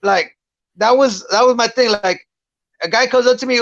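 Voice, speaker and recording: A man's voice: very high voice, normal speed, gravelly, fairly bright tone, dry recording, muffled recording. A man, a guest fighter, chatting bluntly and profanely on a podcast, rambling through his points. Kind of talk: casual podcast chat.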